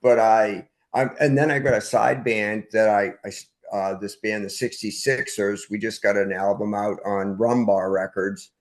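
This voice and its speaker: An older man with a fairly low voice chats loosely as a podcast guest. He rambles, restarts and trails off, circling back to the same point. He speaks from home over a remote call. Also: steady tone, moderate pace, hardly any pauses. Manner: rambling, self-interrupting, trails off. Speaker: punk band frontman, guest. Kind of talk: casual conversation. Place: at home, dog nearby.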